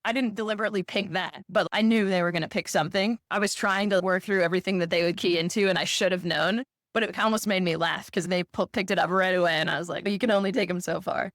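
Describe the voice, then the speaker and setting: A woman in a casual conversation, reflective and animated as she tells a story. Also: lowish voice, fast, few pauses, dry recording, studio quality. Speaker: podcast co-host.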